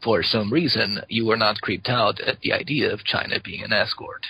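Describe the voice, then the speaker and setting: A man calling in to a talk radio show, trading deadpan, crude jokes with the hosts. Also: on the low side, normal speed, gravelly, breathy edge, low-quality recording. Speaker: caller. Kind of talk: call-in radio banter.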